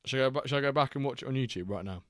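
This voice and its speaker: A man's voice: medium pitch, very fast, a bit bright, no echo, clean studio sound. A man hosting a live watchalong stream, reading chat aloud and bantering with a jokey, laughing manner.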